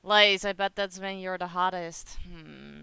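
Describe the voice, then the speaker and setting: A woman's voice: on the low side, fairly even intonation, a little slow, creaky, bright, forceful tone, smooth, no room sound. Giggly Dutch-accented woman streamer. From Netherlands. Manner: chatty, giggly, reads chat aloud. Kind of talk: casual live-stream chat with viewers.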